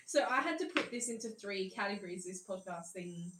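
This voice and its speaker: A woman's voice: medium pitch, lively intonation, a little fast, noisy background. A young woman co-hosting a podcast in casual chat, giggly and swearing, jumping between jokes. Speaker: podcast co-host. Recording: echoey room.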